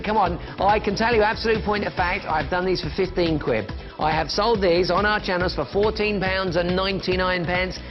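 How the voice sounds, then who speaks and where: A man hosts a live TV shopping pitch, chatting and calling out falling prices. His voice sits a little high for a man. The broadcast sound is dull and lo-fi, with music clearly playing underneath. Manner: chatty, upbeat, counting down prices. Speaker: shopping channel presenter.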